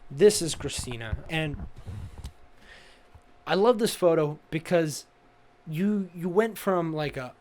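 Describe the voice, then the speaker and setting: A young man from the United States, casually roasting friends' photos in a chatty, teasing way. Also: on the high side. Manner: teasing, chatty, full of "you know"s. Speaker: comedic tier list host. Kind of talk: casual comedic commentary.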